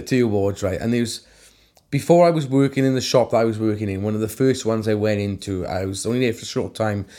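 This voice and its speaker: A man's voice: medium pitch, a little mellow. A middle-aged man, a tattoo artist co-hosting a show, telling rambling, sweary stories full of restarts and "like". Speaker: tattoo artist and podcast co-host. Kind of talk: casual chat.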